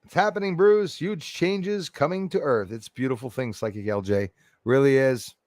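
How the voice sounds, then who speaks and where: A man's voice: medium pitch, moderate pace, no room sound. Man, livestream host, casual chat, laughing, dry room. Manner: animated, laughing, reads viewer names.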